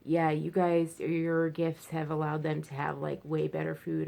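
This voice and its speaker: A woman's voice: sits low, monotone, a little slow, gravelly, hardly any pauses, warm tone. A woman talking frankly in a rambling personal vlog at home, full of fillers and restarts. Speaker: vlogger. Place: at home, indoors.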